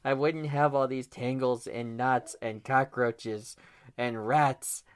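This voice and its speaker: A man's voice: fairly high pitch, very animated, measured pace, creaky, pushed and bright, voice pushed up, full character voice. A man voicing a stubborn, whiny little girl in a bedtime story. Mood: regretful.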